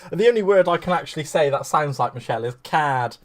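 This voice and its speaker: A man's voice: a little high, lively intonation, very fast. A man hosts a live crafting stream in a loose, chatty voice. He rambles and gushes, and he greets his viewers fondly by name. A faint hiss sits under the recording. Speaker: craft livestream host.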